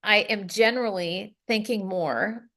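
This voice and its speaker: Speaking at a measured pace in a mid-range voice, this middle-aged woman from the US is a podcast guest swapping stories. She keeps it casual and lively, laughing frequently and performing the lines others spoke.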